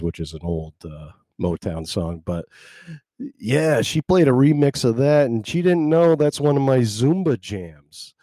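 A middle-aged man from rural talks through his own show in a loose, self-reflective ramble, pausing and restarting often. His voice sits low and mellow with a relaxed warmth. The sound is dry and close, with no room around it. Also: no room sound. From rural Maine. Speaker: podcast host. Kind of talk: casual solo monologue.

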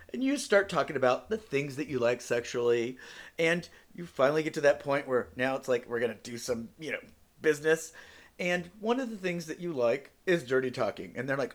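A man's voice: medium pitch, lively intonation, brisk, fairly bright tone. A man hosting a solo podcast, speaking English as a second language, talking bluntly and with plenty of profanity in a joking way. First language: not English. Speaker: podcast host.

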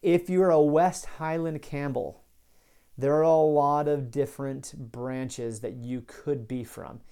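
A man's voice: fairly high pitch, slow pace, clear, resonant tone. A man hosting a solo history podcast, telling clan stories in a chatty, digressive way and often stopping to correct himself. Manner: tells old stories in a relaxed storytelling way. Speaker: podcast host.

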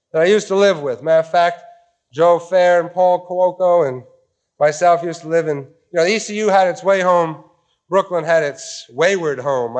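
A man preaching a revival sermon with a high, lifted voice. He talks in a folksy, animated way and slips into acted-out quotes to drive his points home. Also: smooth. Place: tent meeting.

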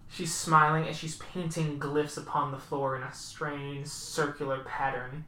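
A woman narrating a tabletop horror game as storyteller in a slow, descriptive way. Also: low voice, a bit bright. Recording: roomy, distant mic, faint noise.

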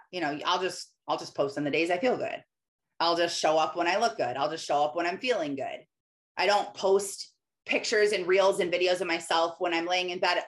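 A woman's voice: lowish voice, fairly bright tone. A woman in her thirties giving an earnest, conversational talk about faith to her followers, slipping into quoted voices as she goes. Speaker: Christian business owner sharing faith.

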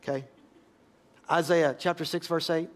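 A pastor preaching a sermon, emphatic and folksy, rising to loud exhortation and dropping to quiet asides. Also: male voice, fairly high pitch, fairly even intonation, normal speed.

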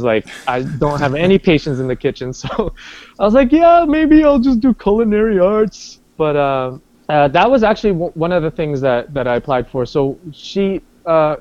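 A man telling personal stories in casual conversation, animated, with many restarts and acted-out quotes. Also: mid-range voice. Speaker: guest. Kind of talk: casual storytelling. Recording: dull lo-fi sound.

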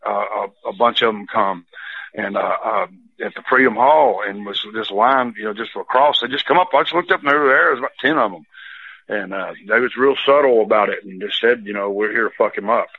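A man's voice: mid-range voice, a little fast, breathy edge, dry recording. Man telling stories over a phone line. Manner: rambling, many fillers and restarts. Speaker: former wrestler, guest. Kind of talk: storytelling in casual chat.

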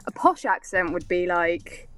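Chatty Mancunian woman, lively pitch. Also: unhurried. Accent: Manchester English. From England. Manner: chatty, laughs often, searching for words. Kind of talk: casual chat.

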